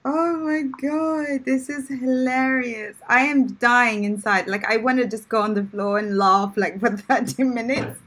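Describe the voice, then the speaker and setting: A woman with a somewhat high voice running a live-streamed English lesson, quizzing her guest. She is encouraging and breaks into laughter often. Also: steady tone, measured pace, a bit bright. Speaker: English teacher, host.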